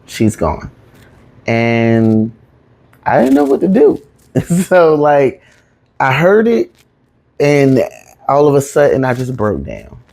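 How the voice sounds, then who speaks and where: A woman's voice: a bass voice, a little mellow. A woman comedian telling a personal story in an emphatic, conversational way, repeating lines for emphasis and checking in with listeners.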